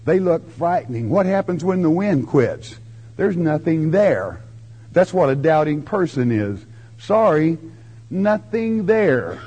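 An older man preaching a folksy verse-by-verse sermon, with homespun turns of phrase and slow, drawn-out emphasis. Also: fairly high pitch, lively intonation, warm tone, breathy edge. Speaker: preacher teaching scripture.

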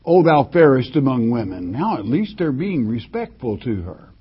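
A man's voice: mid-range voice, sing-song, normal speed, breathy edge. A man preaching a sermon, reading scripture verses aloud and then explaining them in his own words, with frequent restarts and fillers. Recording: dull lo-fi recording.

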